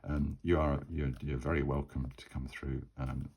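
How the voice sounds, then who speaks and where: A man doing a grumbling gatekeeper, very deep. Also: little pitch movement, moderate pace, darkish tone, breathy edge, full character voice. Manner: grumbling, then apologetic. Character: grumbling male town gatekeeper, officious.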